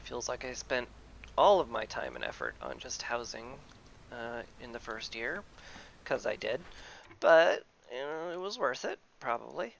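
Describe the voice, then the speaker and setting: Male gamer, gravelly and animated, casual playthrough commentary. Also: mid-range voice, slight background noise. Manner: musing aloud, playful asides, drawn-out fillers. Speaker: video game player.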